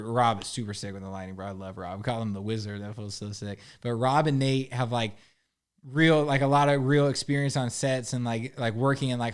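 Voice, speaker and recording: A young man talks easily as a podcast guest, in an ordinary middle pitch. He is laid-back and loose, leaning on "like" and "bro" and putting on little voices for the people he quotes. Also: clean tone. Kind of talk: casual chat.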